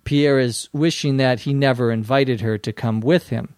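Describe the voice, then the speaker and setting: A man's voice: mid-range voice, fairly even intonation, moderate pace, darkish tone, smooth, no room sound, clean studio sound. A man with a Minnesota accent hosting an English lesson podcast, patiently explaining words and spelling them out. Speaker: English teacher and podcast host.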